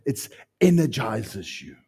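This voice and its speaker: South African male pastor, husky mid-range voice, impassioned sermon delivery. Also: medium pitch, sing-song, slow. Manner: impassioned preaching, swinging from loud to hushed.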